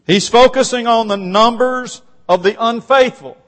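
A man's voice: extremely high pitch, normal speed. A man preaching a sermon, reading scripture and stressing his points, his voice building on repeated phrases. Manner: emphatic, rising on repeated phrases, reads scripture aloud. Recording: long hall reverb.

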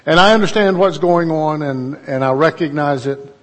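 A man's voice: on the high side, normal speed, in a large hall. A middle-aged man, preaching a conversational sermon in a folksy, storytelling way and putting questions to his listeners.

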